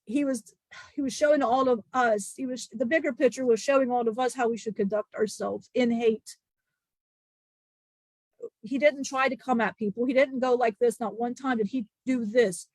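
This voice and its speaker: A woman channeling the spirit of an ancient male disciple, telling a grieving testimony in halting, emotional bursts with many restarts. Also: a little high, steady tone, darkish tone, no room sound, close to an everyday voice. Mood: solemn.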